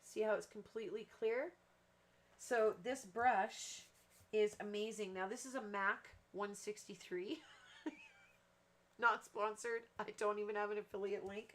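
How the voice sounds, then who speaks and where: A woman's voice: medium pitch, steady tone, a little slow, fairly bright tone. A woman hosting a card-making livestream, chatting casually and rambling, with self-deprecating asides as she demonstrates. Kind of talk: casual craft demo chat.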